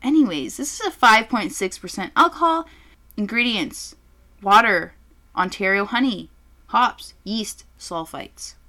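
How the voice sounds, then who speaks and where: A woman's voice: mid-range voice, expressive, unhurried. A woman co-hosting a casual podcast, telling stories dramatically and swearing freely. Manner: swears freely, dramatic storytelling with shouted impressions. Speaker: podcast co-host reviewing drinks. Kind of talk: casual chat.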